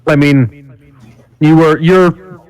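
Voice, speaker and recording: A man's voice: on the high side, steady tone, extremely slow, darkish tone, clear, resonant tone, low-quality recording. A man in casual chat before a tabletop game session, rambling and often correcting himself mid-sentence. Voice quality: rambling, self-correcting storyteller.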